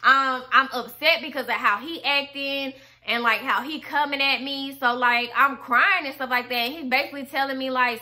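A young woman with a high, bright voice that has a sharp edge. She tells a story straight to camera in a loose, animated way, packing every sentence with "like" and casual swearing. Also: normal speed, a little hiss or hum. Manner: animated, full of "like" fillers and swearing. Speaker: vlogger telling a personal story.

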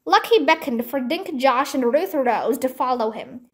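A woman reads a children's mystery book aloud. Her voice sits high and she takes her time over every word. The delivery is careful and steady. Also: breathy edge. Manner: slow, careful reading. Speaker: storybook reader.

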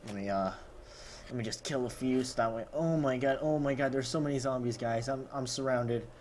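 A man's voice: mid-range voice, brisk, darkish tone, slight background noise. A man doing comedic gameplay commentary as a gaming YouTuber parody, overexcited and full of gasping exclamations, with sarcastic asides.

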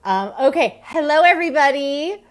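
A woman in her thirties hosting a weekly live stream, chatting casually in a bubbly, rambling way with many fillers and quick laughs. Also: high-pitched, lively intonation. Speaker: host of a weekly live stream on women's health.

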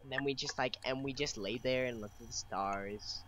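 A man's voice: medium pitch, normal speed. A young man giving playful, swearing gameplay commentary, reading chat lines aloud and reacting with mock drama. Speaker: let's play gamer. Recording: loud keyboard typing behind voice.

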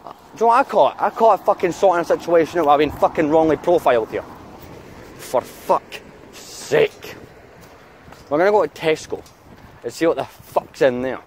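A man's voice: on the high side, quick pace, slight background noise. A man vlogging outdoors in town, chatting casually and ranting with heavy swearing. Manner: angry swearing rant. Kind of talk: casual vlog chat.

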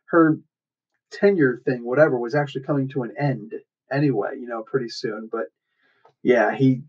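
A man casually retelling a comic book story in a chatty, loose way, dropping into quick acted quotes. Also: mid-range voice. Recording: dull lo-fi sound.

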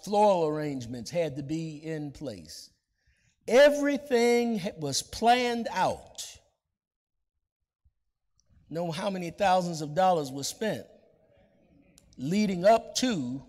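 A man preaches from the pulpit at an unhurried pace, his fairly high voice swinging widely in pitch. He leans on key words and stretches them out. The sound carries a long reverb from a large church space. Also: a little mellow. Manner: deliberate preaching cadence, drawn-out emphatic words. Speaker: pastor. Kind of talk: sermon.

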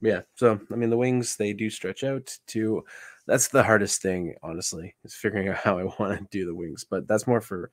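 A man's voice: lowish voice, steady tone, normal speed. A man chatting casually on a live stream, thinking aloud with restarts and greeting viewers while showing a puppet build.

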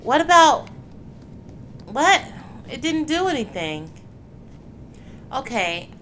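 A woman playing a horror game, reacting out loud and swearing when startled. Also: sits high, big pitch swings, slow. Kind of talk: let's play commentary. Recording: background noise under the voice.

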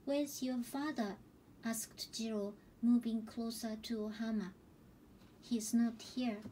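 A woman slowly reading a novel aloud as an audiobook, gentle and unhurried, with small restarts. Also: on the high side, fairly even intonation, recorded from a distance, a little hiss or hum, poor audio. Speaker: audiobook reader. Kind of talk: slow storybook narration.

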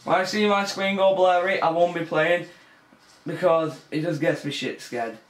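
A man's voice: on the high side, fairly even intonation, moderate pace, reverberant. A young man commentating a horror game as he plays, nervous and easily scared, swearing and laughing. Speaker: gamer. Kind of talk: let's play commentary.

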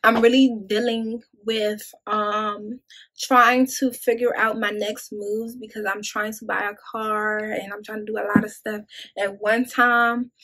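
A woman's voice: mid-range voice, level tone, a little slow, sharp tone, poor audio. A woman in her twenties talking casually to her viewers in a rambling, chatty way. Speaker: vlogger. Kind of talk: casual talk to camera.

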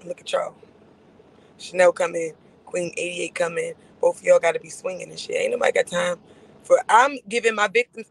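High gravelly man ranting sarcastically. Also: fairly even intonation, fairly quick, no room sound, low-quality recording. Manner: sarcastic, repetitive, laughs between phrases. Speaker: livestream host. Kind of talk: casual livestream rant.

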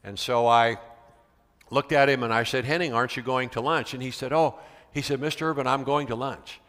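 A man's voice: mid-range voice, brisk. A man from the United States, a veteran teacher giving a conference talk, telling a classroom story and acting out the dialogue. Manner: animated storyteller, acts out quoted dialogue. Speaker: keynote speaker, veteran teacher. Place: large convention center hall. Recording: long reverb of a large hall.

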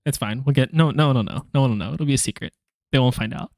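A man's voice: mid-range voice, fast talker, a little mellow, no echo, studio quality. A man streaming his language study, chatting casually, joking and rambling, laughing often and trailing off with fillers. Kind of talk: casual live-stream chat.

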